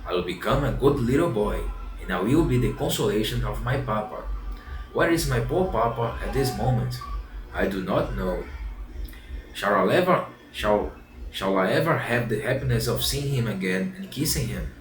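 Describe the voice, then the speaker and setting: Pinocchio, the lazy but eager wooden puppet boy from a storybook, read by a man with a low voice, earnest and repeating his promises. The sound is roomy and a bit distant, with faint music underneath. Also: expressive, moderate pace, close to an everyday voice. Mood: remorseful. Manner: earnest, repeats phrases over. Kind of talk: storybook reading.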